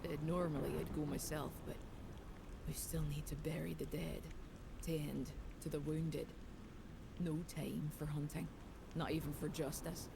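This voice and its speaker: An actress playing a stern, grieving village huntress in a video game, speaking gravely and bluntly. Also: female voice, deep voice, flat delivery, unhurried, noisy background. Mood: weary. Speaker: game character. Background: game music.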